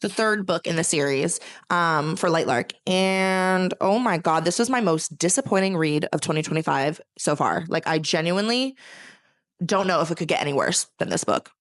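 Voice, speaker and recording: Chatty low-voiced young woman reviewing books. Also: expressive, normal speed, dry recording, clean studio sound. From California. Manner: chatty, rambling, heavy use of filler words; dramatic, gushing then ranting. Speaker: book reviewer. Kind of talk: casual chat.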